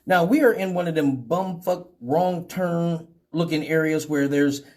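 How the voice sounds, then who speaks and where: A man hosting a live show, from Detroit, telling profane stories with animated voices for each person in them. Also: a little high, measured pace. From Detroit, Michigan. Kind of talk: casual storytelling.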